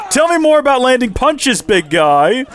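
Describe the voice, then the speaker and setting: A man hosting a let's play, joking and rambling over the game. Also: extremely high pitch. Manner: jokey, rambling, excitable. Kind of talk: casual gameplay commentary.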